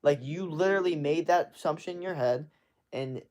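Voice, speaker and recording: A man's voice: fairly high pitch, moderate pace, darkish tone. A young man giving blunt, profane advice in a casual live-stream rant, full of fillers and emphatic swearing. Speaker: streamer answering chat.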